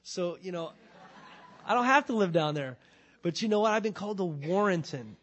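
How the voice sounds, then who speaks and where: A man's voice: high voice, expressive, moderate pace, a bit bright, dull audio. A middle-aged man preaching as a pastor, praying, reading scripture and telling stories in an earnest, conversational way with emphatic bursts. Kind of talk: sermon with prayer and scripture reading.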